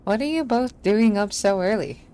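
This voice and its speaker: Brief: woman playing a drowsy, unbothered crewmate, amused and slow. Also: medium pitch, lively intonation, dark tone, clear, resonant tone, voice pushed up, close to an everyday voice. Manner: lazy, amused. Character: sleepy, easygoing man just woken up.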